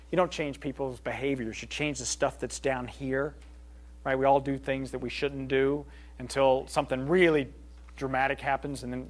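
A middle-aged man speaking earnestly to a group, taking questions in a loose, conversational way and often checking in with his listeners. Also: mid-range voice. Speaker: speaker leading a group session. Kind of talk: informal talk with audience questions.

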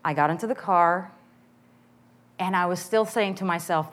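A woman's voice: on the low side, normal speed. A middle-aged woman giving an earnest, candid personal testimony before a church audience.

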